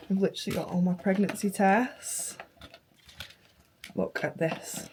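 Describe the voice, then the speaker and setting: A young woman vlogging casually, emotional and halting, her voice hoarse from flu and tonsillitis, sometimes dropping to near-whispers. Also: medium pitch, fairly even intonation, a little mellow, a little hiss or hum. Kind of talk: casual vlog chat.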